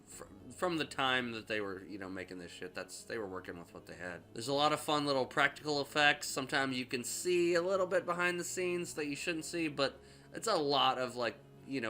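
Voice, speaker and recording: A young man reviews a movie in casual vlog commentary, his medium-pitched voice bright and forceful. He rambles, swears, and fills his speech with lots of fillers.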